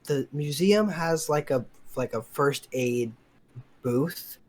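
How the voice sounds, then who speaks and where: A young man co-hosts a podcast, spinning a long story in a casual, rambling way full of fillers and quoted dialogue. His voice sits on the high side and is expressive and slow, with a crowd audible behind him.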